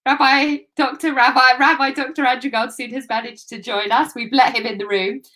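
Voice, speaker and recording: Brisk woman hosting a video call. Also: high voice, steady tone, fairly bright tone. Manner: brisk, keeps things moving. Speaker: co-host. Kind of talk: live-stream chat, reading tributes.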